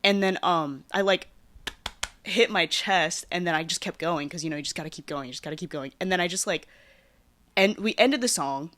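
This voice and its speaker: A woman hosting her own podcast, telling a personal story in a rambling, casual way with lots of fillers and lively swings in her voice. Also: lowish voice, brisk, no echo. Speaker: podcast host.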